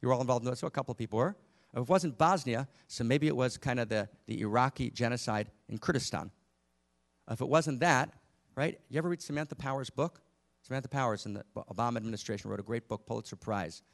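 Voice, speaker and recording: Speaking to a live audience in a room, a man gives an impassioned spiritual teaching talk full of rhetorical questions. His pitch is medium.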